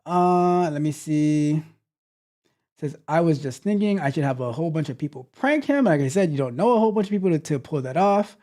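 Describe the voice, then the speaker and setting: A man's voice: a little high, lively intonation, fairly quick, mellow. A man hosting a tech livestream in casual chat, playfully reading viewer comments aloud and teasing them, often repeating himself. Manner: repeats phrases, loose and chatty.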